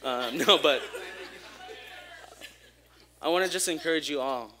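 A young man giving a casual, energetic sermon at a church service, joking with the crowd and talking openly about himself. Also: on the high side, unhurried. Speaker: church speaker.

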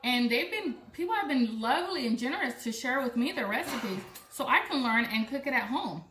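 Young woman from Puerto Rico, cooking vlogger, higher voice, chatty and joking, echoey kitchen with dishes clinking. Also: expressive, fairly quick, fairly bright tone, slight background noise. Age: young adult. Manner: chatty, joking, talks to viewers while chopping. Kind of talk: casual cooking demo. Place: home kitchen.

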